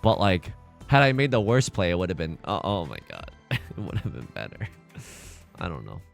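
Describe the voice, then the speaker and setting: Lively, exasperated gaming host, stammering. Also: male voice, low voice, moderate pace, vocal fry, music in the background. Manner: stammering, exasperated, self-mocking. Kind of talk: let's play commentary.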